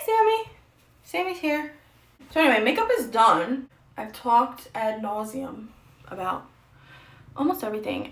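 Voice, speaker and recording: Young female streamer, chatty and self-mocking, middle pitch, roomy echo. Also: fairly bright tone. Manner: chatty, rambling, self-deprecating. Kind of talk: casual get-ready-with-me stream chat.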